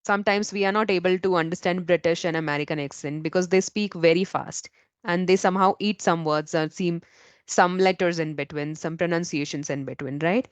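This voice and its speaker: A woman with an Indian accent, working as an English trainer, answers interview questions and teaches, explaining patiently and frequently checking with "right?". She speaks briskly in a lowish voice with fairly even intonation, and there is no room sound.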